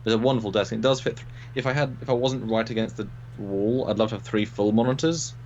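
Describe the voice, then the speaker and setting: A man's voice: fairly low pitch, fast, darkish tone, dull audio, slight background noise. A man co-hosting a livestream, chatting casually and rambling with frequent restarts, on a desk mic. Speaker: co-host. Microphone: desk mic at computer.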